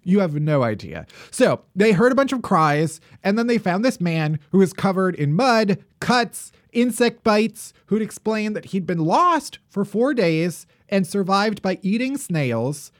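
A woman co-hosting a casual podcast, telling odd news stories with lots of laughter and swinging, animated delivery. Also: mid-range voice, measured pace, hardly any pauses, dry recording, clean studio sound. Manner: animated, laughing, mock accents in quotes. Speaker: podcast co-host.

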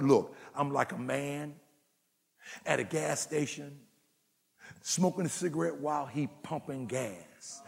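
A pastor delivers his sermon with emphatic, swooping energy that climbs into shouts. His voice sits a little high for a man and carries a gravelly edge. The sound rings with the long reverb of a large church hall. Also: animated, normal speed. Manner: emphatic preaching, rising to shouts.

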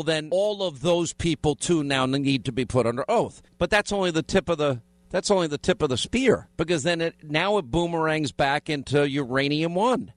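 A man hosts a talk radio show, talking at length with plenty of restarts and a combative edge. His voice sits somewhat high for a man. The studio sound is close and dry. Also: a bit bright, dry recording. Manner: rambling, combative, restarts often. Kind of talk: casual studio banter and commentary. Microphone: studio microphone.

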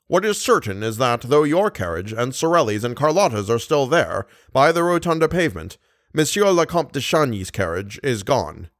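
Man reading smug middle-aged police officer, brisk questioning, mid pitch, dry sound. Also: big pitch swings, dry recording. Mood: probing. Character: self-satisfied middle-aged male police commissary.

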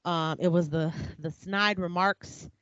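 A woman's voice: on the low side, fairly even intonation, takes it slowly, fairly bright tone, dry recording. Candid, reflective woman in casual talk. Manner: candid, reflective, talks with restarts and "like". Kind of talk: casual conversation. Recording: slightly dull dry sound.

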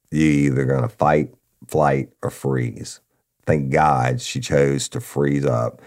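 A former police officer hosting a podcast, telling a crime story in a blunt, profane, emphatic way. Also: male voice, a bass voice, steady tone, slow, a little mellow. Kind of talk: casual true-crime storytelling.

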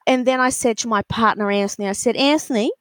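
A woman telling a story in a casual interview, animated and full of fillers, acting out other people's voices. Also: a little high, quick pace, no room sound. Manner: animated, acts out voices in quotes, many fillers. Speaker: alpaca breeder, guest.

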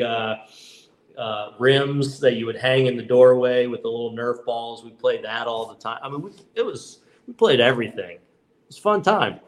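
A man in his fifties, a baseball manager and guest, telling stories in relaxed podcast chat, with frequent restarts. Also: mid-range voice. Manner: relaxed, many restarts and "you know"s. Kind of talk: casual podcast storytelling.

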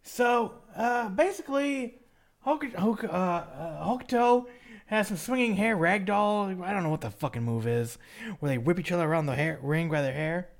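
Guy rambling thru a recap, kinda high voice, laughs and swears a lot. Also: lively intonation, moderate pace. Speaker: podcast host recapping wrestling. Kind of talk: casual chat.

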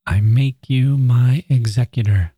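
A man's voice: medium pitch, measured pace, mellow, slightly rough, dry recording, clean studio sound. A man whispering as a frail dying woman. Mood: tender. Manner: whispered, earnest and tender.

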